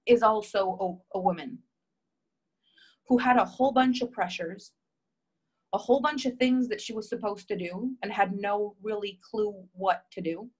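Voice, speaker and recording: A woman's voice: medium pitch, a little mellow, poor audio. Woman coach, live session reading viewer comments, emphatic, heartfelt, repetitive. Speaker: relationship coach.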